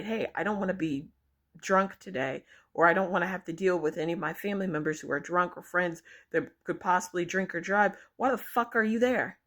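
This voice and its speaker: A woman's voice: fairly low pitch, a bit bright. A young woman vlogging her opinions, blunt and exasperated, swearing freely as she rants to her viewers. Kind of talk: opinion rant to camera.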